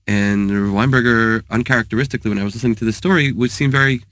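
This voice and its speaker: Thoughtful man, halting speech. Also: fairly low pitch, little pitch movement, a bit bright, clear, resonant tone, dry recording, clean studio sound. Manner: thoughtful, halting, sprinkled with Hebrew terms. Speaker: guest therapist and author. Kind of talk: casual talk with teaching.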